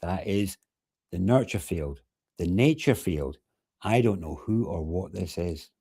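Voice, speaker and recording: A man's voice: low-pitched, expressive, a little slow, creaky, warm tone, husky. A man hosting a live webinar, speaking earnestly and imploringly, with a lot of repeated emphasis. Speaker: webinar host.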